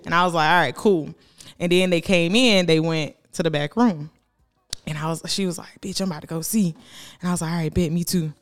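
A young woman trades stories on a casual podcast, her voice smooth and clear. She tells them in an animated way, jumping up in pitch to act out her friends, and laughs often. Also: a little fast. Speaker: podcast co-host. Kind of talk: casual explicit chat.

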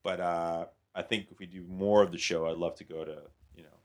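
Brief: very low male voice, loose storyteller who swears, quotes people mid-story. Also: steady tone, a little fast. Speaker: comedy writer and producer. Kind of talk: casual podcast storytelling.

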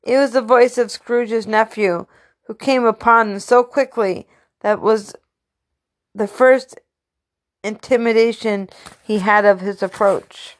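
A woman's voice: fairly high pitch, steady tone, slow. A woman reading a classic story aloud, unpolished, with slips and restarts. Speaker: reader.

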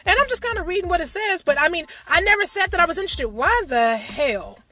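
A woman's voice: very high voice, expressive, quick pace, over music. A middle-aged woman co-hosting a podcast in casual chat, telling stories expressively with dramatic shrieks. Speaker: podcast co-host.

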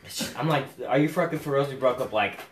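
A man's voice: mid-range voice, quick pace. A young man swearing constantly as he tells a crude story among friends, laughing often. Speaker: podcast co-host. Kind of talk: crude casual chat. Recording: roomy echo, off-mic, faint noise.

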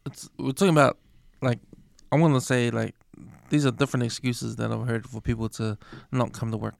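A man co-hosting a podcast in casual chat, speaking haltingly with many restarts and ready laughter. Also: medium pitch, flat delivery, gravelly, dry recording, clean studio sound. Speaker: podcast co-host.

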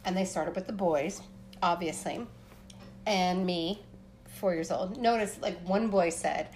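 A woman from Pennsylvania co-hosting a podcast, telling a story in a casual, animated way with lots of "like" fillers and voices for the people in it. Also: medium pitch, moderate pace. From Appalachian Pennsylvania. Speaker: podcast co-host.

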